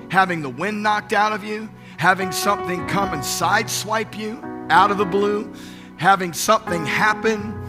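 A man preaching as lead pastor to a live congregation. He talks with emphasis, repeats key phrases and keeps asking the room questions. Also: on the high side. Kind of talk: sermon. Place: church sanctuary.

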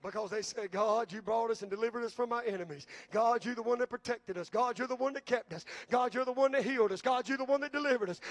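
A man preaching a sermon as pastor, calling out to the congregation and building to shouts. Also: extremely high pitch, fast talker, hardly any pauses, no echo.

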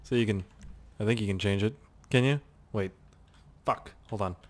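A young man from Canada giving rambling, profane gameplay commentary with sudden excited yelps. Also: lowish voice, moderate pace. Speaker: gaming channel host.

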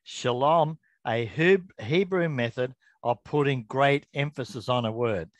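An earnest middle-aged man talks through a Bible verse in a relaxed devotional, chatty and self-correcting. His voice sits at an ordinary pitch. The sound is dry and close, with no room echo. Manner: earnest, chatty, self-interrupting, reads scripture slowly. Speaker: Bible teacher. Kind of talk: informal devotional talk to camera.

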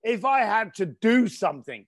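In a casual interview, a middle-aged guest from East London, England, an entrepreneur and author, tells stories with blunt emphasis. His high voice swings widely in pitch at a normal speed.

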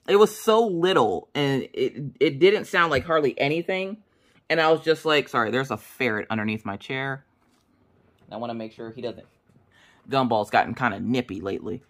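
A middle-aged woman telling a personal story in a casual, animated way, acting out what people said. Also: moderate pace. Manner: chatty, animated, acts out quotes in a high voice. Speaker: crafting vlogger.

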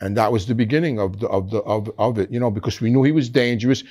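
A man's voice: lowish voice, fast, a little mellow. A man in his sixties, a guest in an interview, rambling through a story with many restarts. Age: 60s. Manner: rambling, frequent restarts, acts out quoted voices.

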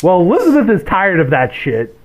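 A man with a fairly high voice that swoops a lot as he talks movies on a podcast. He drops wry, sardonic asides in a casual back-and-forth. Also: huge pitch swings, a little fast. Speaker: podcast co-host. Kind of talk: casual film recap chat.

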